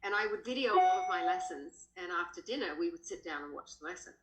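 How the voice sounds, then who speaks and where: A woman with an Australian accent, a horse trainer, telling stories animatedly as a podcast guest. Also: quick pace. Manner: animated, jumps up in pitch when quoting. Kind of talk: casual storytelling in a podcast. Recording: roomy echo.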